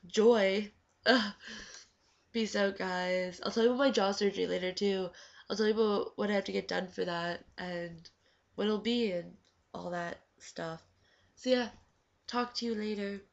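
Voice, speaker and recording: A woman's voice: medium pitch, fairly even intonation, measured pace, creaky. A teenage girl chatting casually in a vlog, full of "like" fillers and acted-out quotes. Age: teens. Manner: chatty, lots of "like", acts out quoted talk. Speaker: vlogger. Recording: dull lo-fi webcam audio.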